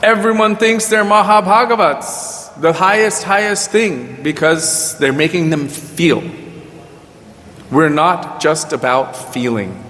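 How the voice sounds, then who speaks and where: Man, devotional talk, storytelling, slightly high voice, long hall reverb. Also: slow pace, a bit bright. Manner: storytelling, quotes his guru with emphatic rises. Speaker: spiritual teacher. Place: Vrindavan.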